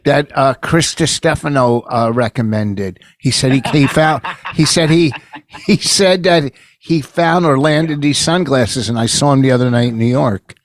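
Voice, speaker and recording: A man's voice: mid-range voice, measured pace, no room sound. A man with a mid-range voice, chatting loosely on a podcast. He rambles and restarts his thoughts. The sound is dry and close to the mic. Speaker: podcast co-host. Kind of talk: casual podcast banter.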